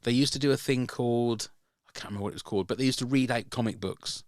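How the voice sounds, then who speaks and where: A man's voice: mid-range voice, quick pace, dry recording, clean studio sound. Chatty man telling a story. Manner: rambling, with many restarts and repeated words. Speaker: podcast host. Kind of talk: casual chat, storytelling.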